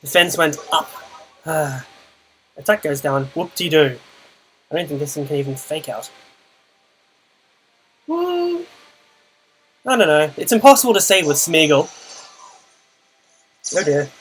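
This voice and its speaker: A man's voice: a little high, lively intonation, unhurried, long pauses, fairly bright tone, slight background noise, poor audio. A young man giving a dry, muttered running commentary on his own game, groaning at setbacks. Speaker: channel host and player. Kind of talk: live gameplay commentary.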